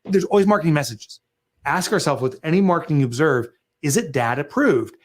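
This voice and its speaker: A middle-aged man, an author and guest, talking business in an animated, emphatic way and acting out sales pitches in lively asides. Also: a little fast.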